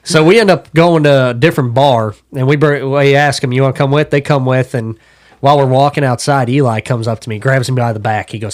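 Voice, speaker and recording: A man's voice: mid-range voice, brisk. A young man, a podcast guest, telling wild stories from his younger days in a loose, profane way. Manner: profane, animated storyteller. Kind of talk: casual storytelling.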